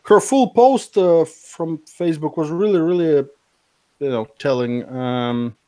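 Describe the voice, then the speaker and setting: A man's voice: on the high side, measured pace, dark tone. A man co-hosting a podcast, reading social media posts aloud with mocking asides and many fillers. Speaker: podcast co-host.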